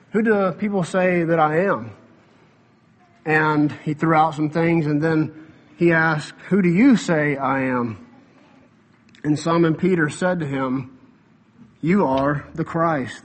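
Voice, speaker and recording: A young adult man, a pastor, preaching a sermon in a conversational way with quick asides and some fillers. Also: on the high side, slightly rough.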